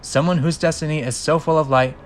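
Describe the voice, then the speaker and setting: A man's voice: on the high side, fairly even intonation, fairly quick, slight background noise, pitched above the performer's own voice, natural voice. A man voicing a solemn, formal cheetah warrior.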